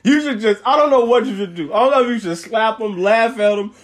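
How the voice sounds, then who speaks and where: A man from the United States trading jokes in a relaxed podcast chat. His voice sits a little high, and he talks in an animated, profane way, laughing easily. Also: fairly quick. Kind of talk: casual chat.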